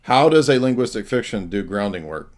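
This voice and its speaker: A man's voice: lowish voice, sing-song, fairly quick, a little mellow. A man hosting a heated stream debate, combative and insulting, pressing the same question over and over. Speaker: host.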